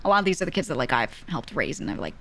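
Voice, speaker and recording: A woman's voice: sits low, big pitch swings, rapid-fire, bright, forceful tone. A woman streamer telling a story casually, laughing often between lines, candid and swearing freely.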